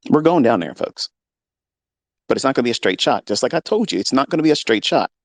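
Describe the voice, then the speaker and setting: A middle-aged man, a trading mentor, speaking in a profane, combative rant from his home basement, moving between low musing and shouting. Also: animated, fast talker, dry recording. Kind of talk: unscripted rant to listeners.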